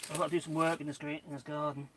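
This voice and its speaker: A man's voice: on the high side, little pitch movement, racing, background noise. A man, live-streaming casual chat from his garden, rambling with asides to his dogs and viewers, recorded outdoors on a phone on a tripod. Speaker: channel host. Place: outdoor garden, kneeling in mud.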